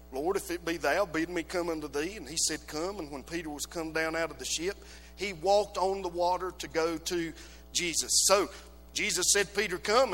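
Man, pastor, sermon, loud rises and hushed drops, very high voice, bright tone. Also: long reverb tail. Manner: preaching with loud, rising exhortations and sudden quiet drops. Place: church sanctuary.

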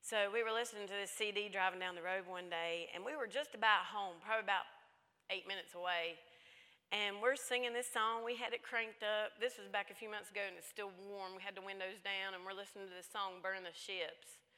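A woman's voice: mid-range voice, steady tone, fairly quick, bright, forceful tone. Woman preaching in an echoey hall. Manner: emphatic, folksy storytelling. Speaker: women's conference speaker. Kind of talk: sermon-style talk.

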